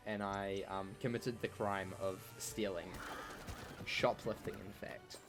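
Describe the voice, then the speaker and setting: Music plays behind a man whose low, steady voice moves at an unhurried pace. He's gaming live and joking around with viewers in a rambling, filler-heavy way.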